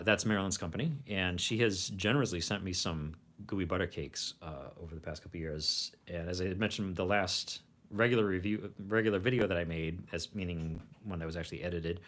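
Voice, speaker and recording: Low-voiced man chatting on a livestream. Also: fairly bright tone. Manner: rambling, with frequent restarts and fillers. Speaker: host of a food review channel. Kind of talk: casual livestream chat.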